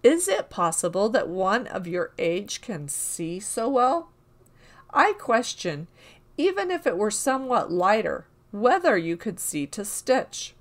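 A woman voicing a cunning male robber in disguise who coaxes and flatters in a storybook reading. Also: mid-range voice, a little slow. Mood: coaxing. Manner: coaxing, flattering.

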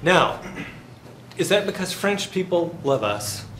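Slow and a bit bright, a man's high voice with big pitch swings delivers a university finance lecture. He jokes, tells stories, and asks the class questions, with echo and faint hiss from the classroom recording.

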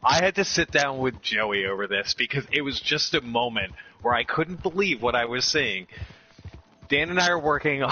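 A man casually telling a story, laughing often and acting out other people's lines. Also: mid-range voice. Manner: animated, laughs often, acts out customers' lines. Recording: slightly dull lo-fi audio with faint background noise.

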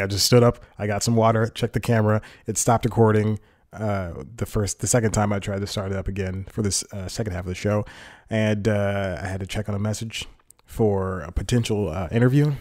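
Rambling low-voiced man, dry close sound. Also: a little mellow, no echo. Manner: rambling, self-interrupting, laughs often. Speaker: podcast host. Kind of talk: casual solo comedy chat. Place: home room, talking to a camera.

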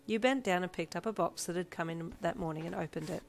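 A woman reading a second-person fanfiction story aloud in an expressive narrating voice. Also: fairly low pitch, quick pace, creaky. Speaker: fanfiction reader. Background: soft backing music.

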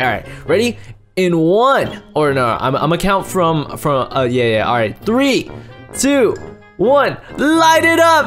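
A young man narrates a video game session with wildly swinging pitch. He flips from low, offhand remarks to sudden yelling and laughing whenever something blows up. Faint music plays behind him. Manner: loud, jumpy, shouting and laughing at explosions. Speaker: gaming YouTuber. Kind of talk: excited gameplay commentary.

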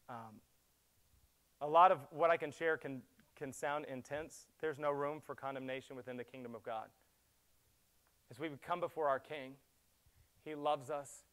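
A middle-aged male pastor preaching with a slightly raised voice. He surges into urgent, loud appeals, then drops to hushed, intimate near-whispers. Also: on the high side. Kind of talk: sermon.

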